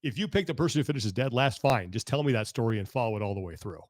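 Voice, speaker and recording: A man co-hosting a podcast in casual chat, quick and opinionated. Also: mid-range voice, animated, no echo, clean studio sound. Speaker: podcast co-host.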